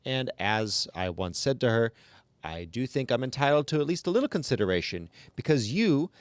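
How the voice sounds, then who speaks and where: A man voicing a garrulous, self-pitying old woman ghost who complains in shrill, whining run-on sentences. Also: big pitch swings, moderate pace, dry recording, lightly acted. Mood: aggrieved.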